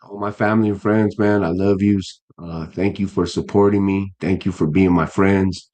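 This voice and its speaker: Man in his fifties, very low voice, earnest, halting speech, casual interview guest. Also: fairly even intonation, a little mellow. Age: 50s. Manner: earnest, halting, many restarts and fillers. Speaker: guest boxer.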